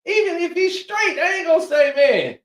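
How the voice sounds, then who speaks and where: A man's voice: very high-pitched, a little fast, fairly bright tone. A man doing comedic commentary, laughing often and reading quotes in mocking voices. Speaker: commentary streamer. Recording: echoey room, far from mic.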